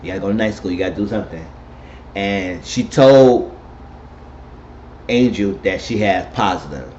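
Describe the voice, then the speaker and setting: A man giving a casual, animated spoken recap of a TV episode, retelling scenes and quoting the characters. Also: low voice, normal speed. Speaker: TV recap host. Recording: dull lo-fi recording with faint noise.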